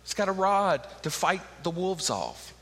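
A man's voice: high-pitched, sing-song, unhurried, fairly bright tone. A middle-aged man preaching a sermon with emphatic rhetorical questions. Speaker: pastor. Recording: long hall reverb.

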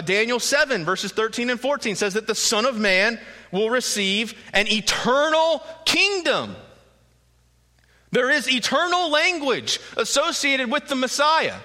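A man preaching a sermon as pastor, conversational with joking asides, growing emphatic as he explains the passage. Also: very high-pitched. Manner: rises into emphatic, animated delivery when voicing the crowd. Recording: reverberant hall.

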